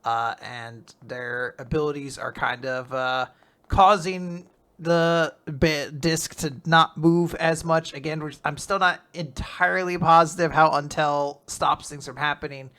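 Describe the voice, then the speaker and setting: A man with a bright, fairly high voice chats on a podcast. He retells the story with energy, slips into quick character voices and laughs often. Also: clean tone. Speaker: podcast co-host recapping manga. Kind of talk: casual chat.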